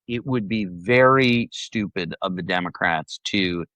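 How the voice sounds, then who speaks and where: A man co-hosting a political podcast, thinking aloud in a lively, casual way. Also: low voice, measured pace, no echo. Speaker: podcast co-host.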